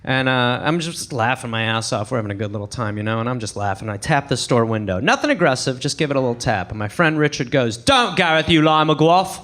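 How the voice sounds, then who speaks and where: A young man from England doing a stand-up set on a club stage, animated storytelling with sudden high bursts and low asides. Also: fast talker, few pauses. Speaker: stand-up comedian. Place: comedy club stage with audience.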